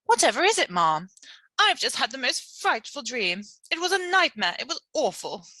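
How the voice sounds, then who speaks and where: A posh, elderly queen in a storybook reading, crying out in a high, bright voice, as a woman teacher puts her on. Her tone is lively and a little strained, recorded close and dry. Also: normal speed, no room sound, heavily acted. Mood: upset.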